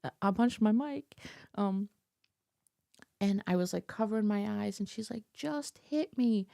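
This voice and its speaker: A woman's voice: medium pitch, steady tone, normal speed, creaky, warm tone, no echo. A woman telling a personal story to her vlog audience in a chatty, laughing way, full of fillers, on a close mic. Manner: chatty, filler-heavy, laughing as she tells it. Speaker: vlogger. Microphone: desk mic close up.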